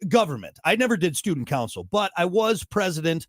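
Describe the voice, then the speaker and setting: A man's voice: high voice, big pitch swings, a little fast, no echo, studio quality. A man hosting a morning radio show, rambling and joking in casual banter with a co-host. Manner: rambling, joking, self-mocking.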